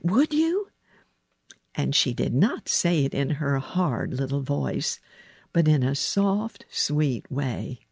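A woman reads a children's story aloud, her voice low and husky with a gravelly edge. She takes her time, and her pitch rises and falls expressively through each sentence. The recording is close and dry. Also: expressive, takes it slowly, darkish tone, no echo. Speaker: narrator.

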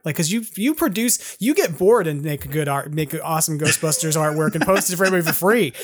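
A podcast host with a mid-pitched voice talks in a casual, keen way. They keep breaking in with short, lively replies. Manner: enthusiastic, quick interjections.

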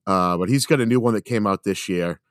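A man's voice: fairly low pitch, a little fast, no room sound, studio quality. A man in casual chat on a podcast, rambling through a story with lots of fillers and swearing.

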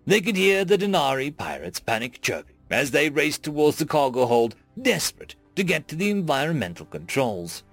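A man reading a humorous science fiction story aloud in a wry, expressive storytelling manner. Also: medium pitch. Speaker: story narrator. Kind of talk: scripted narration.

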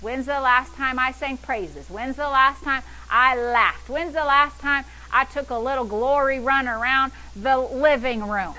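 High, bright-voiced exuberant woman pastor. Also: poor audio. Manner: exuberant, bursts of laughter, call-and-response preaching. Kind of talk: sermon.

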